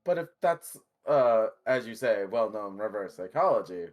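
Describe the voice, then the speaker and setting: A man's voice: on the low side, sing-song, normal speed. A man playing a character in a tabletop game, describing his character's actions and speaking lines in character, laughing often. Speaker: player.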